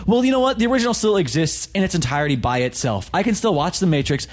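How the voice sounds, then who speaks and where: A man's voice: on the high side, big pitch swings, quick pace. A man co-hosting a casual movie commentary, joking and spinning rambling theories. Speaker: podcast co-host.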